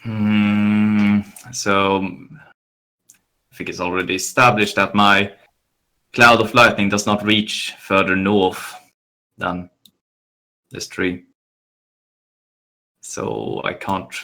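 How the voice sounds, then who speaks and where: A man works through his turn in a tabletop game, slowly and with many pauses. His voice sits somewhat low with a bright, forward edge. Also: level tone. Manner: slow, halting, with many fillers while planning moves. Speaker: player.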